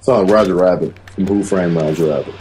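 Low-voiced gamer man, dry comebacks. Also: brisk, a little mellow. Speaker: co-player. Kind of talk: casual let's-play banter.

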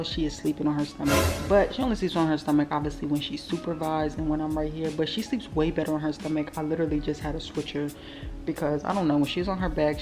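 A young woman and mother chatting casually to viewers at home, slangy and laid-back, talking straight to the camera. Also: deep voice. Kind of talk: casual home vlog chat. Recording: echoey room with long reverb, faint music.

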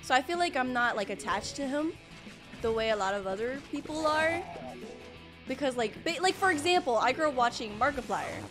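A woman's voice: sits high, lively intonation, a little fast. A young woman streaming a game, rambling and panicking aloud as she plays. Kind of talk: casual gameplay livestream. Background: game music.

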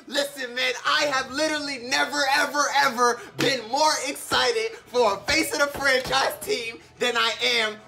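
Brief: excitable gaming host, bright tone, loud slangy play-by-play with shouting. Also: male voice, very high voice, moderate pace, vocal fry, few pauses, soft background music. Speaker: gaming YouTuber. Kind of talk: hyped game commentary.

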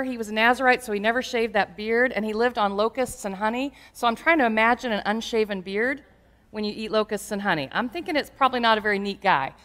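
A woman pastor delivering a sermon with lively, humorous storytelling. Her voice sits a little high for a woman, and she leans into the stories with playful asides.

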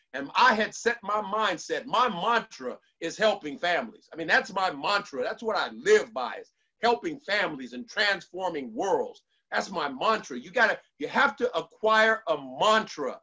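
A man's voice: high-pitched, lively intonation, moderate pace, hardly any pauses, pushed and bright, dull audio. A man giving a motivational speech to an online audience, preacherly, repeating lines for emphasis and leading call-and-response. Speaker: motivational speaker.

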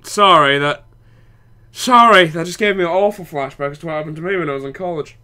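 This young adult let's play gamer, a university student, talks briskly in a slightly high, sharp voice. While playing a video game, he voices the dialogue and ridicules the characters with snarky swearing.

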